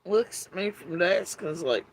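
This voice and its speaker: A middle-aged man with a high voice and lively intonation talks to his YouTube audience at a moderate pace, and the audio is poor. His casual monologue is wry and meandering, full of fillers and free swearing.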